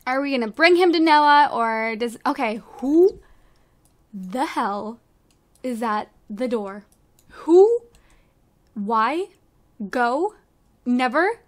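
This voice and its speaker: Bubbly high-voiced woman narrating a game. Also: expressive, slow, long pauses. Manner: bubbly and giggly, gushing over cute things. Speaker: let's play host. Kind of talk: casual gameplay commentary.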